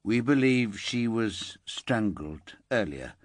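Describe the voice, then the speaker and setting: A man reads a tired police inspector delivering terrible news with care. He speaks low and unhurried, measured and subdued. The sound is close and dry. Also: sing-song, dry recording. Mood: subdued gentle. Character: weary male police inspector, careful and gentle.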